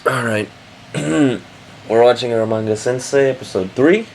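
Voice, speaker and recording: A man's voice: mid-range voice, unhurried, vocal fry, a little hiss or hum. A man giving casual, profane reaction commentary while watching an anime episode, often exasperated and sarcastic.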